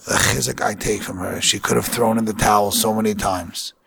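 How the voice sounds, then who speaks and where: Raspy rabbi guy, gravelly low voice, earnest sermon story. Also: fairly even intonation, brisk, a bit bright, a little hiss or hum. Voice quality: gravelly, husky. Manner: earnest storytelling with Yiddish and Hebrew terms.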